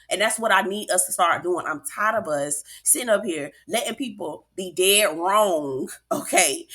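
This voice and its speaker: A woman hosts a casual reality TV recap. She talks straight to her viewers in a sassy, emphatic way. Her voice has a bright, crisp edge at a middle pitch. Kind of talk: casual commentary vlog.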